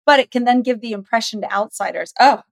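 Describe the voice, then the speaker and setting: Woman expert guest, middle-aged, animated storyteller, higher pitch, dead-dry sound. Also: fast, vocal fry, dry recording. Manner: animated storyteller, acts out dialogue. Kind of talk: podcast interview.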